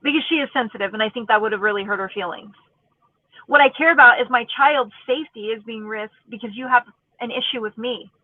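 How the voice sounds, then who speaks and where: A woman in her forties, a fast talker with a voice on the high side, delivers angry, sarcastic, profanity-laced commentary on YouTube in a casual tone. The audio sounds tinny and phone-like, dry with no echo.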